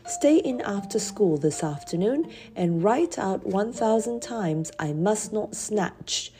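A woman's voice: medium pitch, expressive, slow, mellow, voice pushed up. A woman voicing a harsh, bullying male schoolmaster who barks orders and roars at children in a storybook reading. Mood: roaring. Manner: roaring, barking orders.

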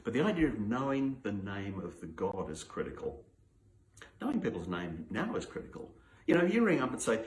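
A man preaching a teaching sermon, explaining points step by step in an unhurried, teacherly way. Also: lowish voice, sing-song. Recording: roomy echo.

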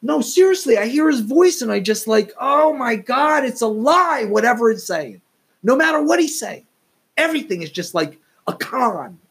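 A man's voice: extremely high pitch, very animated, moderate pace, gravelly, husky. A man hosting a solo podcast, ranting in a profane, exasperated, rambling way. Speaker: podcast host.

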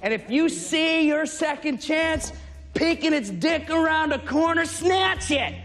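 Picture a vain, lecherous grown man who barks crude advice. His voice sits very high and the delivery is slow and drawn out. It plays from a film clip, with faint music underneath. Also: animated, full character voice. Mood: brash. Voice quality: brash, shouting. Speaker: film character. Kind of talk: film dialogue.

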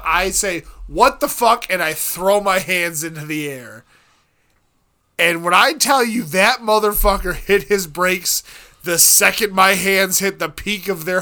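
High bright-voiced man telling a story. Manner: profane, animated storytelling. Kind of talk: casual storytelling.

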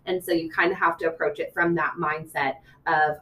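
A woman school administrator being interviewed, steady and practical as she talks through her approach. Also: sits low, moderate pace, far from the mic, slight background noise. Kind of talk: casual interview chat.

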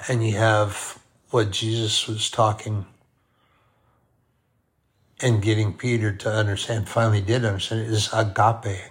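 A man preaching a sermon, deliberate and repeating key phrases for emphasis. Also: lowish voice, little pitch movement.

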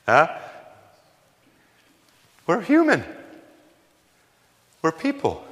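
A man's voice: fairly high pitch, huge pitch swings, extremely slow, a bit bright. A man preaching a sermon as pastor, emphatic and conversational, firing rhetorical questions at his congregation in a church. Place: church sanctuary. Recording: long hall reverb.

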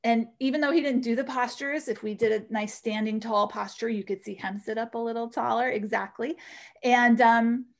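A woman who teaches yoga, telling an animated story as a guest in an interview. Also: fairly high pitch, normal speed, vocal fry. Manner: animated storyteller, acts out voices in quotes.

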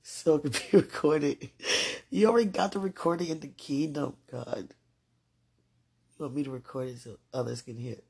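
A woman podcaster giving a slow, earnest, deeply emotional devotional monologue. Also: vocal fry, mellow, slightly rough.

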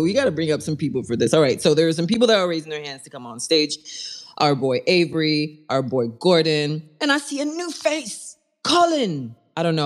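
A host of a live audio chat show, joking in casual slang, laughing often and teasing the guests. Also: mid-range voice. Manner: playfully teasing.

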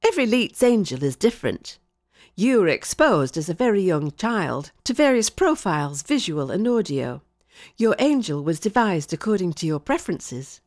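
Woman reading a calm, wry scientist. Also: fairly low pitch, no room sound. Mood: matter-of-fact. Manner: measured, dry, faintly teasing.

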